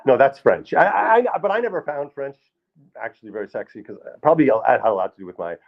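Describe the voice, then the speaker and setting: A male comedian and actor telling stories on a live stage, rambling with deadpan asides, in a muffled live stage recording. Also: mid-range voice, fast, gravelly. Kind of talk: stand-up storytelling. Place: live stage in a small hall.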